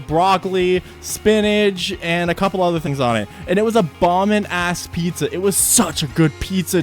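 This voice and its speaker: A young man chatting with his livestream chat, excitable, swearing freely and repeating himself at home. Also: sits high. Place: home streaming setup.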